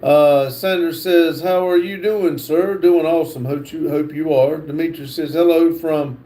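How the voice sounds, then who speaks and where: A man's voice: on the high side, fairly even intonation, unhurried, dark tone. A man hosting a casual livestream, reading viewers' comments aloud. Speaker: livestream host.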